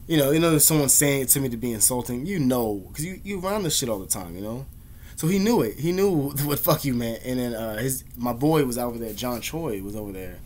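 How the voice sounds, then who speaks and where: A man's voice: mid-range voice, animated, a little fast, a little mellow. A young man vlogging, telling casual, slangy, profanity-heavy stories in a laid-back way. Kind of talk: casual storytelling.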